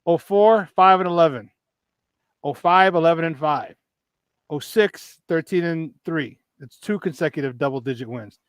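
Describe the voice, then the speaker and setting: A man's voice: a little high, moderate pace, clean tone, no room sound. A man hosting a sports talk show, chatting and rattling off season records, often restarting his sentences. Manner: conversational, rattles off stats, many restarts. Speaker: sports radio host.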